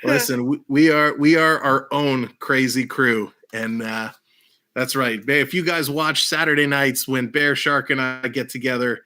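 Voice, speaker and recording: A man's voice: mid-range voice, unhurried, bright, forceful tone. A man hosting a livestream in casual chat, upbeat and laughing often. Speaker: livestream host.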